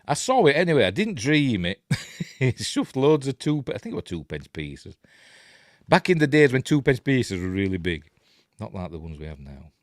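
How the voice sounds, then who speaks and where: Deep-voiced and Yorkshire-accented, this middle-aged film review host gives casual commentary on a film, chuckling and rambling as he drifts into tangents. The sound is dry and studio-grade.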